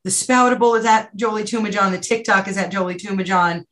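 A woman guest on a podcast, chatting casually and emphatically in quick bursts about her writing. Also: mid-range voice, fairly even intonation, fairly bright tone, a little hiss or hum. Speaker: podcast guest, writer and anthology editor. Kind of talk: casual chat.

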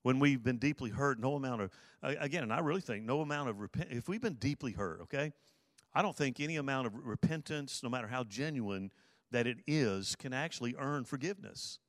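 A man's voice: mid-range voice, expressive, a little fast, no echo, clean studio sound. A man preaching a sermon, earnest, repeating his key phrases for emphasis. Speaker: pastor.

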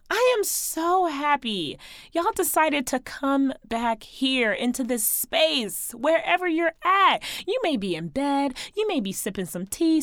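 A woman's voice: high voice, a bit bright, dry recording, clean studio sound. A woman hosting her own podcast in casual solo chat, exuberant and playful with preacher-like exclamations, her voice a little strained from singing. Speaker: podcast host.

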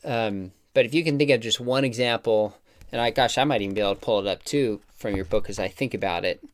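A man's voice: fairly low pitch, quick pace. A man hosting an interview, asking questions in a friendly, chatty way. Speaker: host. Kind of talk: conversational interview.

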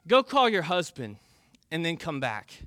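An earnest, insistent teacher pressing his point, as a preacher acts him out. The voice is bright and a little high, close to the mic with no room sound. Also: big pitch swings, measured pace, no room sound, heavily acted. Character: Jesus, patient and persistent male teacher.

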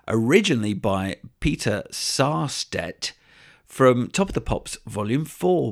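A man hosting a podcast, presenting scripted narration in a measured, even-handed way. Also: mid-range voice, vocal fry. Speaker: podcast host.

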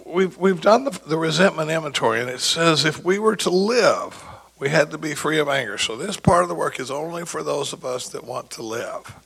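A man's voice: on the high side, expressive, moderate pace, vocal fry, a bit bright, breathy edge, poor audio. A man speaking as a recovery sponsor, telling rambling stories with quoted dialogue and many false starts. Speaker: recovery sponsor sharing at a meeting. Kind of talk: rambling anecdotal talk.

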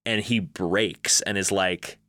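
A man's voice: sits low, steady tone, slow, sharp tone, no echo. A man co-hosting a casual film discussion, thoughtful and working through ideas step by step. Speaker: film podcast co-host.

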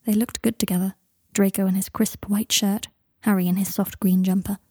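A woman narrating a story in a calm, even reading voice on a close microphone. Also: medium pitch, moderate pace, breathy edge, no echo. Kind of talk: storybook narration of fan fiction.

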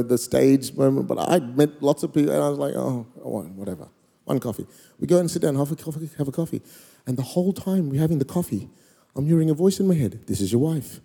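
Man, pastor, thirties, comic storytelling sermon, mellow voice, long hall echo. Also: fairly high pitch, vocal fry. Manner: animated, comic storytelling with sudden loud peaks. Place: large church hall.

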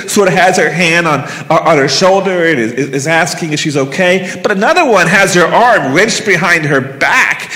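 A man telling a personal story live on stage, intense and halting, with emotional pauses. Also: sits high, sharp tone, big-room sound.

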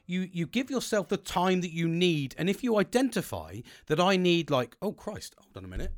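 A man speaks into his home podcast mic in a casual motivational monologue. His voice sits a little high for a man and leaps up and down with animated swings. He swears constantly and breaks into quick impressions of other people. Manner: heavy swearing, animated, acts out quoted people. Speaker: podcast host. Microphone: home podcast mic setup.

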